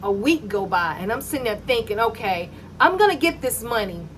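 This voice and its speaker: A middle-aged woman recounts her own faith story in a high, animated voice. She slips into the voices of the people in it as she goes. A faint room ambience sits under her speech. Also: brisk, slight background noise. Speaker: mother telling a personal faith story. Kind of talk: personal testimony storytelling.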